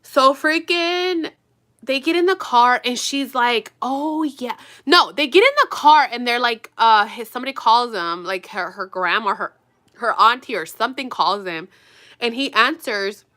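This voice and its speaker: A woman's voice: fairly high pitch, expressive, moderate pace, pushed and bright. A woman vlogger chatting casually to her viewers as she gets ready, telling a rambling, gossipy story full of swearing and talking straight to her audience. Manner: addresses viewers directly. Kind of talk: casual chat while getting ready.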